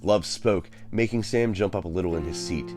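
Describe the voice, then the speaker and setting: A man reading a dramatic story aloud as narrator, with slow storytelling. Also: low voice, music in the background. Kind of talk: audiobook narration.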